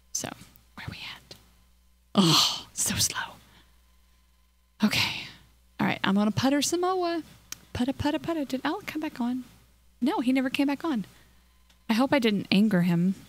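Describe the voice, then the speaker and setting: A woman's voice: fairly bright tone, no echo. Hyper, giggly woman gaming host. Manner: chatty and giggly, coos in a high voice at in-game creatures; hyper and scattered. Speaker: let's play host. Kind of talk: casual gameplay commentary.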